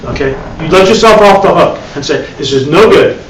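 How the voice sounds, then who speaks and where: This clip captures a meditation teacher in a live dharma class, his voice on the high side, animated and fairly quick. He talks in a casual way, repeating words and adding wry asides. A faint hiss, an echoey room and a distant mic mark the recording.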